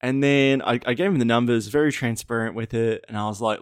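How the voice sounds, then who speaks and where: A man's voice: medium pitch, fairly even intonation, brisk, few pauses, clean tone, no echo. Young Australian male podcast host, loose and candid, swears freely and laughs often, dry close sound. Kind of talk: casual solo podcast storytelling.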